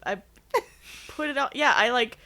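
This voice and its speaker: A woman's voice: on the high side, moderate pace, sharp tone. A woman playing a tabletop game, chatty and giggly as she describes her moves. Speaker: player. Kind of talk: casual tabletop role-play.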